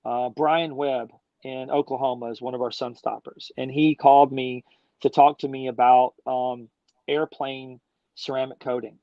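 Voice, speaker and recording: A man's voice: medium pitch, level tone, normal speed, no room sound. A middle-aged man talking as a guest in a casual interview, an enthusiastic, slangy storyteller who rambles along. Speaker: guest, business founder. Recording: dull dry lo-fi sound.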